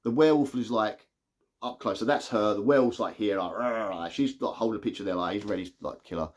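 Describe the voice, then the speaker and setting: A man giving a casual, excitable spoiler review of a movie, retelling scenes with lots of "like". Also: lowish voice, quick pace. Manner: chatty, excitable retelling full of "like".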